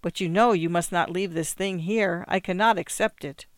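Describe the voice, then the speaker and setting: A storyteller voicing an excitable young lawyer who gushes and exclaims, in a smooth voice. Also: medium pitch, normal speed, no room sound, natural voice. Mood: exclaiming. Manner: exclamatory, gushing.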